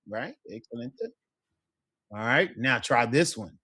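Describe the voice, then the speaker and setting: A man teaching a one-on-one Spanish lesson, patient and encouraging, modeling words slowly for a student. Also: mid-range voice, expressive, pushed and bright, breathy edge.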